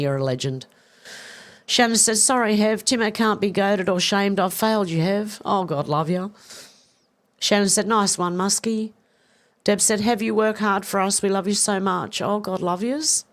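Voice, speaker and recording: Woman, live-stream host, mid-pitched, chatty and self-mocking, reads comments aloud and laughs a lot. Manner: chatty and self-deprecating, laughs often, reads messages aloud and answers them. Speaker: livestream news host reading viewer comments. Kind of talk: casual live-stream chat.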